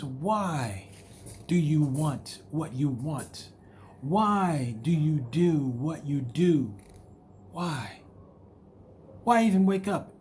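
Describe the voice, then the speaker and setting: Guy doing a motivational talk, slow and deliberate, kinda high voice, keeps asking the same question over and over. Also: darkish tone, a little hiss or hum. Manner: repetitive, emphatic rhetorical questions; candid about personal struggles. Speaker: motivational video host. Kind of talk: motivational monologue.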